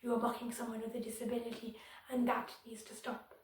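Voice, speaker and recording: A woman speaks firmly and earnestly in a slightly high voice, addressing her viewers directly. The recording is very echoey, with her voice set back from the mic. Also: monotone, fast talker, distant mic. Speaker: disability vlogger. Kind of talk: direct-to-camera advocacy commentary. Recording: very echoey room, voice somewhat off-mic.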